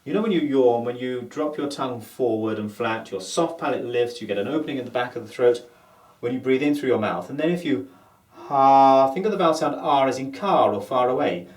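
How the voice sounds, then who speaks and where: A man with a standard Southern British accent teaches voice placement in a calm, methodical way. He stops to demonstrate vowel sounds as he goes. His voice sits at a middle pitch and carries a roomy echo. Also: a little fast. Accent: Standard Southern British English. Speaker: voice and accent coach. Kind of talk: instructional lesson.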